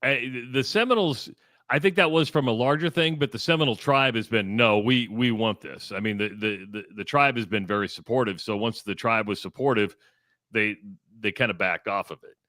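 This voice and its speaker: A male sports radio co-host with a bright, forceful tone, talking in an emphatic, opinionated way. His voice sits at a middle pitch and sounds dry and close, with no room echo. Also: brisk. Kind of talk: casual sports talk banter. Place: radio studio.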